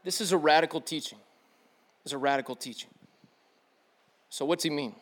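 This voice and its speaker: A man's voice: fairly high pitch, moderate pace, a bit bright. A man preaching a sermon in a casual, slangy way, acting out the people he quotes. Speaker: pastor.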